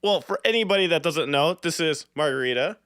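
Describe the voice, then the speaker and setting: A man's voice: a little high, expressive, fairly quick, fairly bright tone, clear, resonant tone, no room sound. A man hosting a casual livestream interview from his home studio, laughing often and rambling playfully. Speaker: podcast host. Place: home studio under bright lights.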